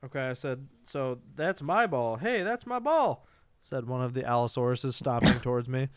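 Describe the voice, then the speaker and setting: A man's voice: medium pitch, lively intonation, normal speed, smooth, dry recording, clean studio sound. A man co-hosting a casual podcast, reading back lines as he writes them down. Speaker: podcast co-host. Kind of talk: casual chat.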